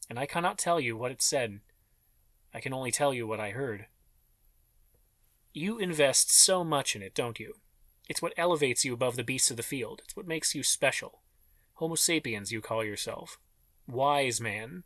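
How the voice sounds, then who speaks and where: A man's voice: medium pitch, expressive, normal speed, long pauses, fairly bright tone, no room sound. A man reading an audiobook in scripted, dramatic narration.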